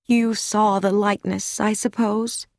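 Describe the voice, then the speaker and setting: A woman reading an audiobook, voicing a gentle, humble elderly woman who speaks softly and earnestly. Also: medium pitch, level tone, unhurried, no room sound, clean studio sound, natural voice. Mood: earnest wistful.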